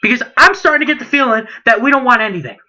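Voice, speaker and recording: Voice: mid-range voice, lively intonation, rapid-fire, bright, forceful tone, faint music behind. A late-teen wrestling vlogger in a heated, indignant rant, firing off rhetorical questions and repeating himself. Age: late teens.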